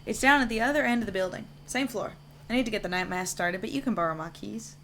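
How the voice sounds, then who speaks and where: A woman's voice: mid-range voice, quick pace, fairly bright tone, slight background noise, natural voice. Woman reading a chill philosophical janitor guy from a game, musing, plain mid voice. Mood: reflective. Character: a reflective male church janitor, calm and philosophical.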